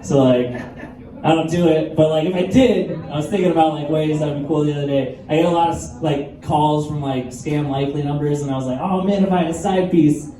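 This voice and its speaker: A man's voice: on the high side, fairly quick, warm tone. A man doing a stand-up comedy set, telling crude stories in a laid-back, profane way. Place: live comedy venue with audience. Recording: echoey room, mic heard from far, crowd noise.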